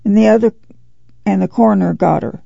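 A man's voice: high-pitched, a little fast, creaky, dark tone, dry recording, pitched above the performer's own voice, heavily acted. A man voicing a fierce, blunt little rural girl who blurts sullenly. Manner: blurting sullen country talk. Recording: dull lo-fi dry audiobook recording.

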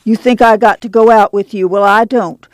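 A woman voicing a sharp, pouting young woman quick to anger, snapping back with scolding retorts in a storybook reading. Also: medium pitch, steady tone, no echo, voice pushed up, lightly acted. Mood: indignant.

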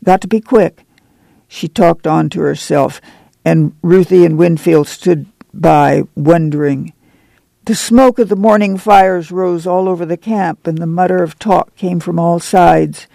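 Man, audiobook narration, very gravelly, dark mellow tone, dry close mic, measured pace. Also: a little high, dry recording. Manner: measured, steady storytelling. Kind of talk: scripted literary narration.

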